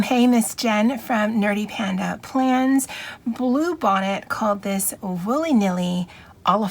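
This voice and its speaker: A woman's voice: fairly high pitch, creaky. A woman hosting a planner vlog, chatting casually, reading out viewer comments, greeting viewers by name and laughing often. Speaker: planner vlogger host.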